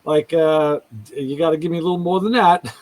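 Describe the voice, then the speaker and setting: On a casual radio talk show, a male host spins stories with animated energy and acts out the voices of his callers. His voice is fairly high and brisk, with no room sound, though the recording quality is low.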